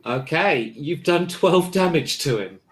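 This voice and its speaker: Casual game master. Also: male voice, a little high, expressive, measured pace. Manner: casual, hesitant with fillers. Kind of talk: narrating a tabletop role-playing game.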